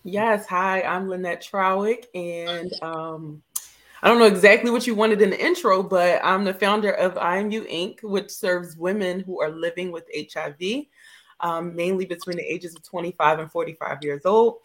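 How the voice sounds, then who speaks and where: A woman introducing herself on a panel as a nonprofit founder, matter-of-fact and brisk. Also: on the low side.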